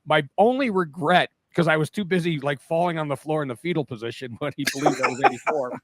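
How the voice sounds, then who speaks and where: A man in his fifties, co-hosting a talk podcast, telling stories in a casual, animated way and acting out the people he quotes. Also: fairly high pitch, fast talker, heavy background noise. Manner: animated storyteller who acts out quoted voices. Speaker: podcast co-host.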